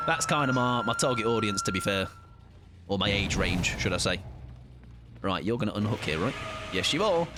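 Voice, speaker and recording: Sing-song and medium in pitch, this man's voice moves at a normal speed as he streams a game live. He greets viewers and keeps up playful, chatty commentary full of jokey asides.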